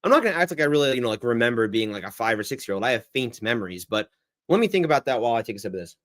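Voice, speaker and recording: A young man hosting a casual livestream Q&A, rambling and reacting to the chat in a lively, chatty way. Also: mid-range voice, very fast. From United States. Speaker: livestream host.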